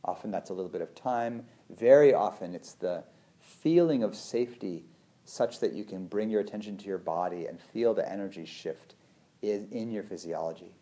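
A man, a meditation teacher, giving a conversational talk on feelings and the body, who often acts out his inner voice with sudden lively jumps. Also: on the low side, moderate pace. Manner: conversational, many fillers and restarts. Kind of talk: reflective talk on feelings and the nervous system.

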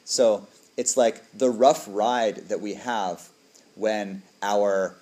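A man's voice: fairly low pitch, slow pace, mellow. A man, a dharma teacher, giving a reflective, conversational talk to a group and often asking "right?".

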